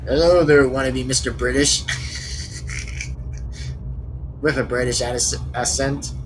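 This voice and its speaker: A man's voice: medium pitch, steady tone, slow pace, background noise. A man hosting a reaction video, rambling and searching for words as he comments casually.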